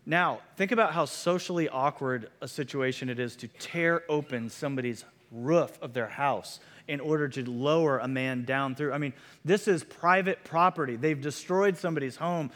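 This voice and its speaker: A man preaching a sermon in a conversational, animated way, with many fillers. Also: on the high side, moderate pace, few pauses. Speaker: pastor. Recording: long hall reverb.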